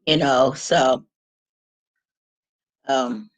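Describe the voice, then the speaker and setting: A woman's voice: extremely low pitch, fairly even intonation, very slow. A woman vlogger telling casual stories in a frank, rambling way, laughing and restarting as she goes. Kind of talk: casual storytelling.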